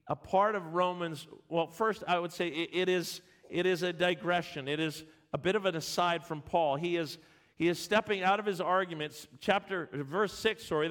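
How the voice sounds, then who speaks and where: High-voiced man preaching a sermon. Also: a bit bright. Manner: emphatic at points, repeats and restarts words. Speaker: pastor.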